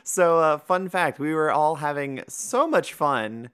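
A woman's voice: low voice, lively intonation, unhurried, a bit bright, clear, resonant tone. A woman co-hosting a podcast, casual and wry, often laughing. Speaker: podcast co-host. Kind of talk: casual chat.

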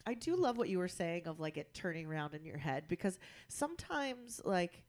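A woman's voice: fairly low pitch, big pitch swings, moderate pace, a little mellow. A woman in casual podcast chat, talking in a laid-back, rambling way with many fillers.

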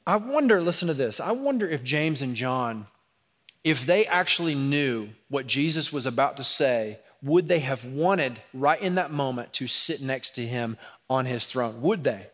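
A man preaching a sermon in a church, animated, acting out sarcastic asides before dropping to a hushed, intense tone. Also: medium pitch, normal speed. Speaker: pastor. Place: church sanctuary.

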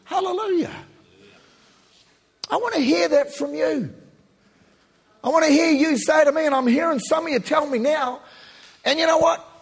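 A man preaching as a pastor, rising to shouts and slowing into hushed prayer. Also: very high voice, vocal fry. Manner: impassioned, shouting at peaks then slow and hushed in prayer. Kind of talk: sermon and prayer.

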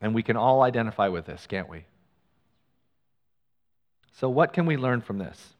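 A man's voice: medium pitch, expressive, moderate pace, muffled recording. Man preaching in a reverberant church. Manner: conversational preaching, reads scripture aloud, self-deprecating asides. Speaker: pastor. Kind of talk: sermon.

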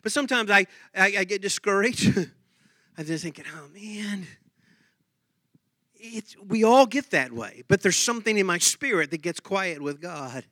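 Male pastor, bright high voice, dry sound, casual joking sermon delivery. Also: expressive, no room sound. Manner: conversational preaching with jokes and laughs; asks the congregation many quick questions.

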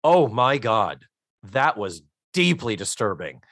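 A man co-hosting a casual podcast chat, animated and profane, often acting out lines. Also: on the low side, slow, dry recording, clean studio sound. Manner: animated, profane, acts out lines in character voices. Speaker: podcast co-host.

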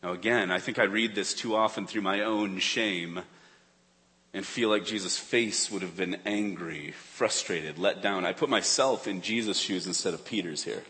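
A man preaching a sermon in a church, earnest, swinging between urgent emphasis and hushed tones. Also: sits low, normal speed. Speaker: pastor. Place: church sanctuary. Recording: long reverb of a church hall.

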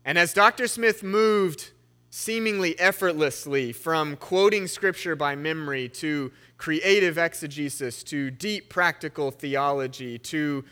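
A man's voice: on the high side, measured pace, sharp tone, clear, resonant tone. A young man preaching in a church sanctuary, reading scripture with shifting emphasis and then telling a story in a conversational way. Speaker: pastor. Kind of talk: sermon.

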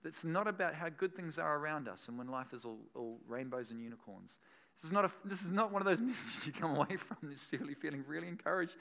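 A man preaching a sermon, his voice a touch high and very lively in pitch. He drops soft and low, then swells loud, laughing between points. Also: a little fast, gravelly. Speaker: pastor.

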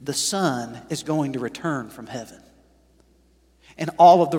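A man preaching a sermon to his congregation, chatty and full of questions, swinging from quiet asides to loud emphatic points. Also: fairly high pitch, big pitch swings, unhurried. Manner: conversational, asks the congregation questions. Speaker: pastor. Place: church sanctuary. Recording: reverberant church hall.

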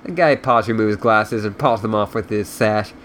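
A man's voice: lowish voice, a little fast, fairly bright tone, slight background noise. A man hosting a podcast, reading a story aloud and then chatting loosely with many fillers. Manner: loose, filler-heavy talk with lots of "like". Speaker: podcast host. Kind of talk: casual chat and reading aloud.

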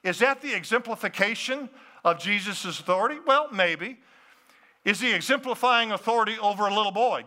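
Pastor, lively preaching with asides to the crowd, bright voice. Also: male voice, high-pitched, fairly quick. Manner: animated, talks to the crowd with questions and asides. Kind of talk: sermon.

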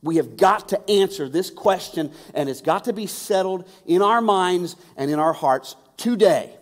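A man's voice: high voice, animated, unhurried. A male pastor preaching a sermon in a conversational way, often repeating words for emphasis. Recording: long hall reverb.

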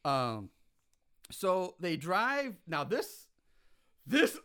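A man casually recapping a film's plot on a podcast, animated and exasperated by the plot holes. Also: on the high side, measured pace, creaky, clear, resonant tone. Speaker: podcast co-host recapping a film.

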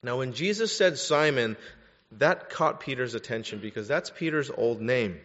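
A man's voice: medium pitch, lively intonation, moderate pace, a bit bright. A male pastor preaching a sermon, emphatic and full of rhetorical questions. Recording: echoey hall, dull lo-fi sound.

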